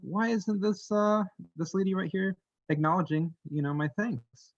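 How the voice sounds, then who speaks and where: A man's voice: high voice, a little slow, no echo, muffled recording, voice pushed up. A man voicing a small, polite female fairy who is easily upset, in a fussy, plaintive way during a spoken story. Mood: aggrieved.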